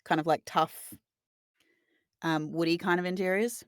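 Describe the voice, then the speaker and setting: Rambling woman game master, low voice. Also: fairly even intonation, unhurried, no echo, studio quality. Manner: detailed, meandering descriptions full of filler sounds. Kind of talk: narrating a tabletop game.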